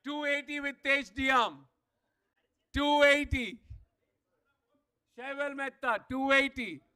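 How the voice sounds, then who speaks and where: A man's voice: very high-pitched, steady tone. A man working as auctioneer at a live player auction, calling out bids again and again and pushing the room for more. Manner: rapid repetitive bid calling, rising to shouts. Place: event hall.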